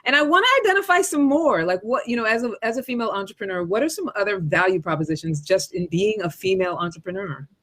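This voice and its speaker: A woman's voice: mid-range voice, expressive, fast talker, hardly any pauses, fairly bright tone. A woman moderating a panel discussion, talking conversationally and asking open questions with casual fillers.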